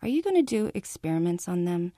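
A woman reading the lines of a frail old lady with a raspy, wheezy voice, slow and polite. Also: fairly low pitch, very animated, mellow, dry recording, clean studio sound. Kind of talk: audiobook reading by the author.

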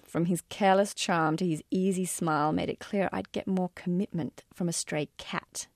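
A woman's voice: on the low side, gravelly, no room sound, studio quality. A woman reading aloud from her own memoir in a wry, self-deprecating way. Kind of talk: audiobook-style memoir reading.

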